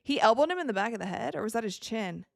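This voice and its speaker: A woman's voice: on the high side, lively intonation, quick pace, creaky, no room sound, clean studio sound. A young woman hosting a live watch stream, chatting casually and reacting to the plays as they happen. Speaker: livestream host.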